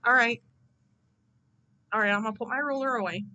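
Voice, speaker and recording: A woman voicing a grumpy, quick-tempered bald male math teacher in his forties, indignant and threatening. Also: fairly high pitch, sharp tone, lo-fi sound, a little hiss or hum. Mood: exasperated.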